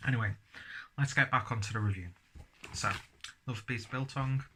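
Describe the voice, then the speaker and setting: A man's voice: medium pitch, brisk, background noise. A man giving a casual beer and snack tasting review, chatting as he chews. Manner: chatty, talks while chewing.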